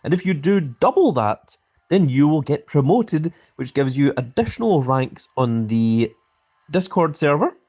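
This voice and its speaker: A man's voice: on the high side, very animated, unhurried, darkish tone. A Scottish man live streaming a mobile game, answering chat with a grand, carefully enunciated way of speaking. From Scotland.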